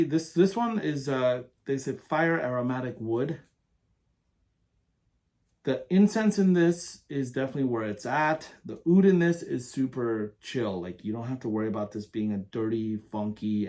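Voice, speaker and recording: A man reviewing perfumes in a casual, enthusiastic, rambling way, often pausing to read product descriptions aloud. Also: medium pitch, animated, dark tone.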